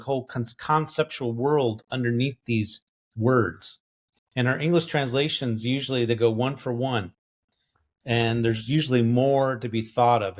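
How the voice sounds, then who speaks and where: A man co-hosting a podcast, working through a Bible verse and thinking aloud with many fillers and grammar terms. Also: mid-range voice. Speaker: co-host biblical scholar. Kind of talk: explaining a Bible passage verse by verse.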